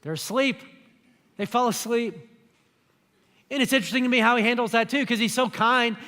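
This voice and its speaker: Pastor, man, high voice, easygoing sermon style, big church reverb. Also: fairly quick, pushed and bright. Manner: conversational preaching, acts out quoted speech. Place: church auditorium.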